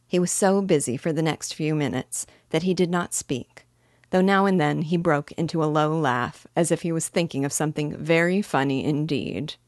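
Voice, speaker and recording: A woman reading a children's story aloud in a gentle, measured way. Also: low-pitched, dry recording, studio quality. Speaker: storybook reader.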